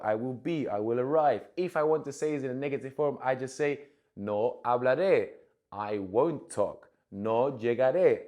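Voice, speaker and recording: A man gives a relaxed Spanish lesson, talking through the material in an easygoing, chatty way. He keeps checking in with his viewers. He slows down when he says examples for them to repeat. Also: mid-range voice. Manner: chatty, repeats "okay, guys" often; slow, careful spoken examples for learners. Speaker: Spanish teacher. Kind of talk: casual language lesson.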